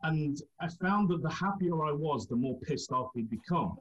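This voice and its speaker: A man's voice: a little high, animated, normal speed, fairly bright tone, lo-fi sound. A man from England, telling rambling anecdotes in a casual chat and laughing through them.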